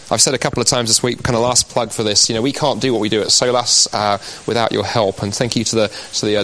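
A man's voice: mid-range voice, fairly bright tone, poor audio. English man giving a persuasive talk. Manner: conversational, persuasive, frequent "you know" asides. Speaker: Christian apologist speaker. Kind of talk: live talk to an audience.

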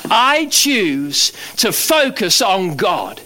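A man preaching a sermon as pastor, animated, swinging from loud emphatic lines to low quiet ones. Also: very slow.

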